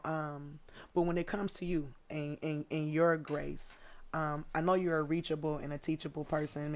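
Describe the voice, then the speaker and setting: A woman hosting an interview, speaking emphatically and encouragingly to her guest. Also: deep voice. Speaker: host. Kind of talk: casual interview talk.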